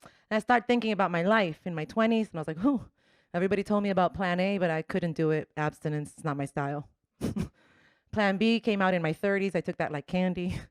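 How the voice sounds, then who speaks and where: A woman's voice: fairly low pitch, quick pace, clear, resonant tone, dry recording, studio quality. A woman in her forties from Colombia, doing a brash, bawdy stand-up comedy set. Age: 40s.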